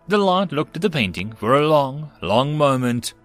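A man narrating a science fiction story in a measured, descriptive way. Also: fairly high pitch, big pitch swings, faint music behind.

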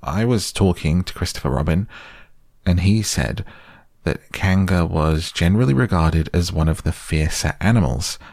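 A man reading a storybook aloud, voicing a small, timid young male piglet in a higher, fidgety voice. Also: animated, moderate pace, creaky, a little mellow, no room sound, clean studio sound. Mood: nervous.

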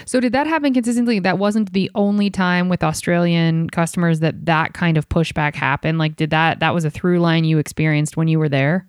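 Quick-asking podcast host, dry sound. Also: mid-range voice, steady tone, clean tone, dry recording. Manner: quick, joking follow-up questions. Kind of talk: casual interview questions.

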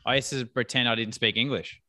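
A male podcast host with a bright, sharp-edged voice chats casually with his guest. He is jokey and laughs easily. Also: mid-range voice, fairly even intonation, fairly quick.

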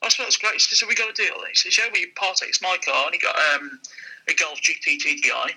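A man's voice: fairly high pitch, fast talker, breathy edge, rough recording. A man, a used car dealer, telling a casual anecdote and acting out the people in it. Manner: lively, acts out the people in his stories.

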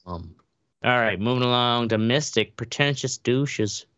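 A man tells a story in a casual podcast chat, halting and rambling with many fillers. The recording is dry. It has a dull, lo-fi tone. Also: mid-range voice, fairly bright tone, clear, resonant tone, no room sound. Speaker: podcast co-host.

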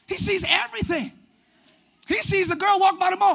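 A male pastor preaching a sermon in church, animated and often shouting, acting out little quoted voices along the way. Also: extremely high pitch, moderate pace, gravelly. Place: church sanctuary.

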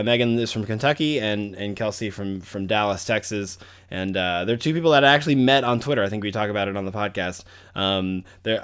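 A man hosting a podcast, talking in a rambling, joking way full of fillers. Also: on the low side. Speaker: podcast host. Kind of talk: casual podcast chat.

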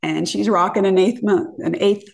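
A woman's voice: medium pitch, steady tone, normal speed, vocal fry. A woman from California, a podcast guest, telling a dating story casually, acting out quotes and swearing freely.

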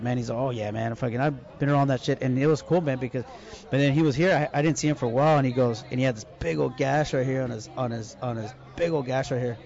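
Brief: quick, rambling male storyteller, swears a lot, muffled lo-fi sound. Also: mid-range voice, gravelly, a little mellow. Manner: rambling, profane storyteller with Spanish slang. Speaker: podcast co-host telling a story. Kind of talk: casual chat.

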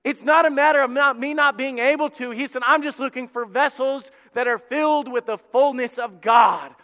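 A pastor preaching a sermon to his congregation, swinging between loud bursts and quiet moments. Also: very high-pitched, moderate pace. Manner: preaching with dramatic shifts in volume, acting out God's voice. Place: church sanctuary with congregation. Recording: reverberant hall.

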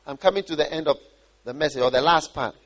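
A man from Ghana preaching a sermon, animated and often repeating and restarting his phrases. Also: fairly high pitch, fast talker.

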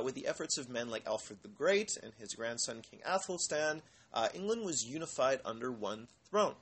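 A man's voice: medium pitch, fairly bright tone. Man, history lecture, casual delivery, lots of filler words, explanatory. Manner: hesitant, many filler words; explanatory, asks and answers own questions.

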